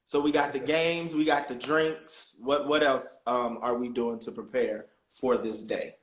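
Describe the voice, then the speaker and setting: Male host, middle pitch, easy curious questioning, echoey room. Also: fairly even intonation, measured pace. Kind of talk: casual interview chat. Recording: roomy echo.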